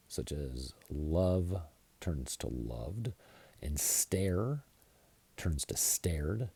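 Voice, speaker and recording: Man, American accent, English teacher, spells out letters, very dark mellow voice, husky. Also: sits low. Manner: slow and deliberate, spelling out letters. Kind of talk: slide-based grammar lesson.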